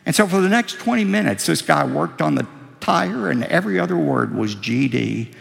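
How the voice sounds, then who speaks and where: Gravelly older male pastor preaching. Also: lively intonation, fairly quick, in a large hall. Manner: storytelling, acting out quotes with rising pitch. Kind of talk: sermon.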